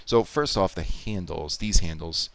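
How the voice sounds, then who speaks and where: This YouTube Poop editor's voice sits low and sounds creaky and a bit bright, with a slightly slow delivery. On his live stream he chats casually about his editing, explaining things and thinking aloud while restarting often.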